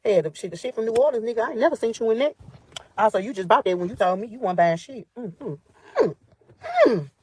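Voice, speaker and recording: Her pitch runs on the high side with lively intonation and a quick pace, and her tone is a little mellow. She's a woman from Memphis with a Southern accent, delivering an angry, cursing rant about her ex directly to listeners.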